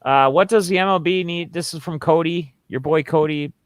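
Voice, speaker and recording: A man's voice: a little high, moderate pace, clear, resonant tone, no room sound. A man hosting a casual sports podcast, rambling through opinions and reading out listener questions. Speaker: podcast host.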